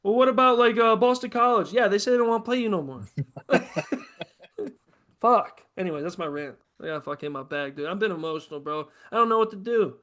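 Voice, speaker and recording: A man hosting a casual podcast chat, talking in a profane, excitable, ranting way. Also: high voice, a little fast. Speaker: host.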